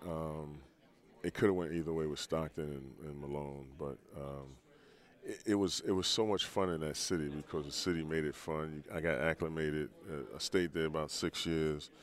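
A deep, low-pitched older man telling long stories as an interview guest. He talks in a relaxed, rambling way, restarting phrases often. He is a former pro athlete in his sixties. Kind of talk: storytelling in a podcast interview.

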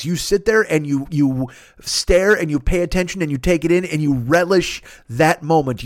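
A man hosting a comedy podcast, telling a story in a profane, animated way and acting out the people in it. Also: a little high, dry recording, studio quality. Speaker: podcast host.

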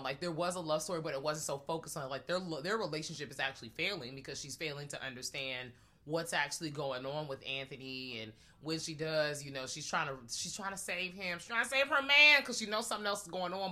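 Young woman ranting about a movie, low-ish but bright punchy voice, gets loud fast. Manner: animated, swings into loud acted-out reactions. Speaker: podcast co-host. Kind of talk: casual movie review chat.

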